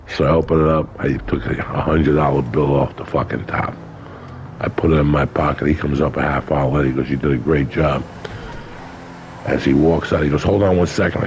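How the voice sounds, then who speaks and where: An older man with a bass voice and a darkish tone tells colorful, profane stories as the guest in a casual interview, acting out other people's lines. The recording is low quality, with slight background noise.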